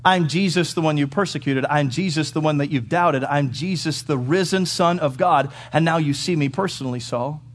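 Jesus, voiced by a preacher, solemn and measured. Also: male voice, on the high side, natural voice. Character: Jesus, calm and firm divine speaker.

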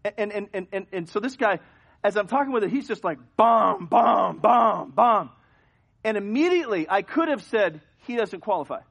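A man preaching a sermon as pastor, telling a story with animated swings from hushed to loud. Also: high-pitched, a little fast. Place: church sanctuary.

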